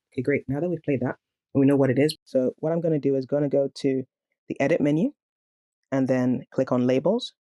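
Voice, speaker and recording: A man teaching a coding tutorial, calmly explaining each step of a screen recording. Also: mid-range voice, no room sound, clean studio sound. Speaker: programming tutor.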